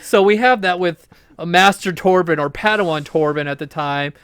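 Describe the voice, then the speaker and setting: A man co-hosting a casual TV review podcast who laughs often and acts out characters' lines in quick little voices. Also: high voice, fairly bright tone, clear, resonant tone, no echo, studio quality. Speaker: podcast co-host.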